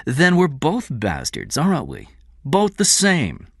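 A man's voice: a little high, wildly swooping pitch, slow pace, gravelly, husky, no echo, clean studio sound, voice pushed up, full character voice. A man reading aloud and voicing a ruthless middle-aged businessman with a hard, clipped manner. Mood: bitter. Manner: hard, clipped, erupts into screaming.

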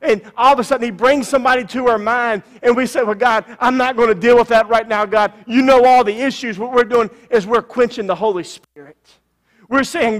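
Preaching in a church sanctuary with long reverb, this male pastor has a high, somewhat bright voice and a steady, brisk delivery. Repetition is how he hammers home his points, and he lingers on key phrases.

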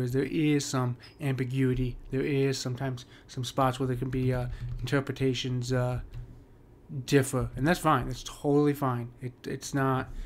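Man, poetry teacher, casual lesson, monotone delivery, frequent "right?", mid-pitched voice. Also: slight background noise. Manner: casual, many fillers and "right?" checks. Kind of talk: screen-share lesson.

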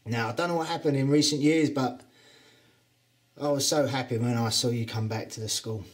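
A man's voice: medium pitch, a little fast. A man with a Cockney London accent giving a taunting, boastful wrestling promo as a trainer, swearing freely. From England.

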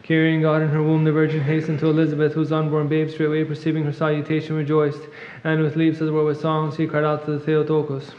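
A man reading a long liturgical hymn in rapid chant at a monastery service, clearing his throat now and then. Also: fairly high pitch. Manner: fast monotone recitation, clears throat at times. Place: church. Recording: echoey church, long reverb, muffled.

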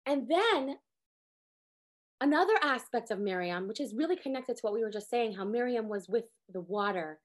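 A woman in her thirties teaching a lively Torah class, acting out quotes with sudden jumps in pitch. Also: normal speed. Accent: sprinkles Hebrew words. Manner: animated, acts out quotes with big pitch jumps.

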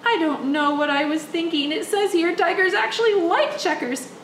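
A woman's voice: extremely high pitch, normal speed, roomy sound, distant mic, a little hiss or hum, rough recording. A woman working as a children's librarian, reading a picture book aloud and coaxing young children to join in. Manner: animated, coaxing, speaks directly to the kids.

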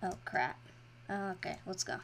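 Excitable woman narrating her gameplay. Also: lowish voice, measured pace, vocal fry, a little hiss or hum. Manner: excitable, swings from mumbling to loud shrieks. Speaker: gaming channel host. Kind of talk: casual gameplay commentary.

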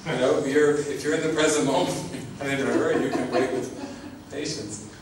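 A man's voice: fairly high pitch, fairly even intonation, brisk. A man giving an informal spiritual talk as a teacher, earnest and often laughing, repeating his words. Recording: echoey, distant mic with background noise.

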